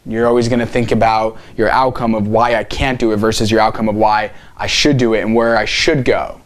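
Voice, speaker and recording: A man's voice: lowish voice, steady tone, a little fast. Earnest man giving a motivational talk. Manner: earnest, direct, asks many rhetorical questions. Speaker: healing coach.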